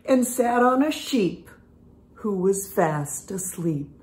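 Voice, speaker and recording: A woman's voice: medium pitch, animated, a little mellow, echoey room. An older woman, a former teacher, reading a rhyming picture book aloud and explaining phonics sounds to young children in a patient way. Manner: slow, patient storybook reading with animal sounds.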